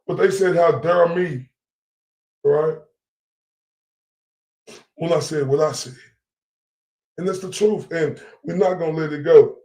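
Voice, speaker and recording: Speaking to his followers, this Dallas-area vlogger rants angrily in an echoey room. His fairly high male voice stays mellow at a moderate pace, though he swears, repeats himself, and keeps asking "right?"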